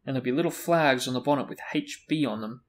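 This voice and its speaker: A man's voice: mid-range voice, fast, close to an everyday voice. A man reading aloud, voicing a mischievous teenage boy with a playful, mock-serious tone.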